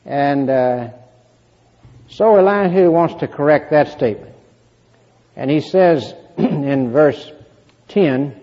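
A man giving a measured Bible lesson, explaining verses and reading scripture aloud. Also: medium pitch. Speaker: Bible teacher. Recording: muffled recording in a reverberant hall.

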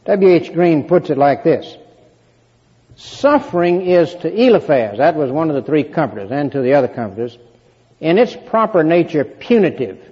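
A man giving a measured Bible lesson, explaining verses and reading scripture aloud. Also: on the high side, breathy edge. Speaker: Bible teacher. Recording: muffled recording in a reverberant hall.

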